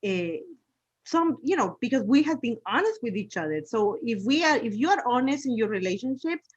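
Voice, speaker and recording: A woman's voice: a little high, sing-song, fairly quick, slightly rough, no room sound, highs cut off. A woman guest on a podcast, chatting casually, laughing easily and searching for her words. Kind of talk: casual conversation.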